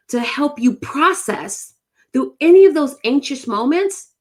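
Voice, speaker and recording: A woman from the United States, hosting a live motivational talk and speaking emphatically straight to her viewers. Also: sits high. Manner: emphatic, repeats phrases, talks to viewers. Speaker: host of a live motivational show.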